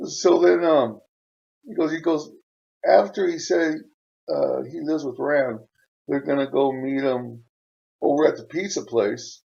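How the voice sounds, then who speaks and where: A man with a gravelly, creaky voice at a middle pitch, retelling a letter in a loose, rambling way. He chuckles as he goes and stops often to hunt for words. The recording sounds dull and lo-fi. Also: darkish tone. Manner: rambling, chuckling, frequent fillers. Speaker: channel host reading a viewer letter. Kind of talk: casual storytelling.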